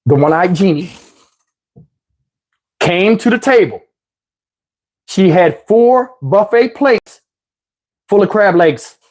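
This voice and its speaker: Male storyteller, husky, animated and foul-mouthed, acts out the other voices. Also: high voice, slow pace, pauses often. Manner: animated, profane, acts out every voice. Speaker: channel host. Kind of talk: comic storytime monologue.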